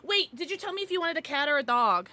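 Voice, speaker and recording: A young woman chatting casually on her gaming livestream, giggly and bubbly with loud, excited greetings. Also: high-pitched, fast talker. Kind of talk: casual gaming stream chat.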